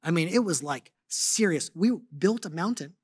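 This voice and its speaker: Guy preaching like he's just chatting, lots of "like", lively storytelling, dry close sound. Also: a little high, normal speed, slightly rough, dry recording. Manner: animated, conversational, frequent "like" fillers. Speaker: guest speaker at a congregation. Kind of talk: storytelling sermon.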